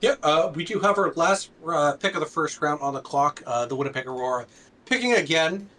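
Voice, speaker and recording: A man's voice: fairly high pitch, animated, a little fast, fairly bright tone, distant mic. A man, a co-general manager, talking easily with dry humor and frequent "uh"s during a live draft. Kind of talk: casual live draft commentary.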